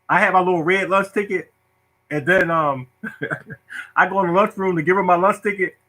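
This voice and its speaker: Guy telling a childhood story to viewers, bright voice, keeps cracking up laughing. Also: high-pitched, normal speed, poor audio. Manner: laughs often, animated, imitates people. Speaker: storyteller host. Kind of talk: casual storytelling monologue to viewers.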